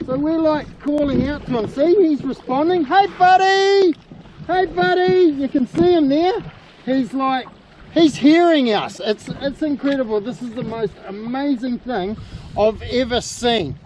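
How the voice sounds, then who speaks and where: High-voiced excitable New Zealand man. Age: middle-aged. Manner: excitable, exclaiming, calls out loudly. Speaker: kayak fishing host. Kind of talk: excited outdoor vlog narration. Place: on a kayak at sea, outdoors. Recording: wind and water noise.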